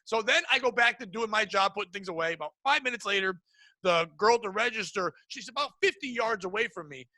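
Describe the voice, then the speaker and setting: A young adult man, a podcast co-host, telling a crude comedic story, animated and acting out the people in it. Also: high-pitched, fast talker, dry recording. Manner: crude, animated, acts out voices in anecdotes.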